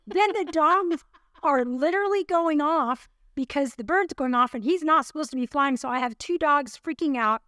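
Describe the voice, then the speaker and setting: A woman's voice: high-pitched, moderate pace, no echo, studio quality. A woman co-hosting a podcast, telling a chatty story and acting out the voices of the people in it. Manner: animated storyteller, acts out voices. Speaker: podcast co-host. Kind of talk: casual chat, storytelling.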